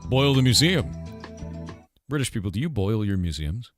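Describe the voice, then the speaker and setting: American guy streaming, low voice that swings all over, goofy riffing with chat, some music faint underneath. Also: very animated, moderate pace, no echo, clean studio sound. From United States. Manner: jokey, riffing banter with chat. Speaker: game developer streamer.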